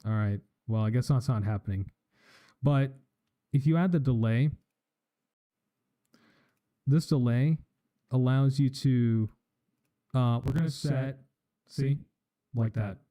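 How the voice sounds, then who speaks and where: Man, very dark mellow tone, casual streamer walking through mic settings, home room, studio mic. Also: mid-range voice, takes it slowly, pauses often. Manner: explanatory, casual, tests mic with test phrases. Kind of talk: live-stream tech tutorial. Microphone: studio microphone with live effects.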